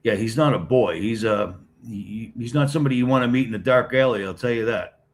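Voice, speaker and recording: With a medium-pitched voice and a slightly quick pace, this middle-aged New Englander from around Boston runs a casual live stream. He welcomes commenters individually and addresses chat directly, replying in a blunt, joking manner.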